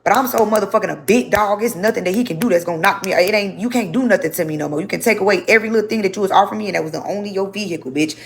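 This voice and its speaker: A woman's voice: mid-range voice, racing, vocal fry, few pauses. A young woman telling her story to a livestream audience, speaking bluntly with lots of swearing and repetition.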